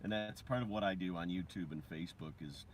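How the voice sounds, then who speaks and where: A man's voice: deep voice, fast talker. A man talking casually in a rambling vlog, with frequent restarts and fillers, outdoors near traffic. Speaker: parent vlogger.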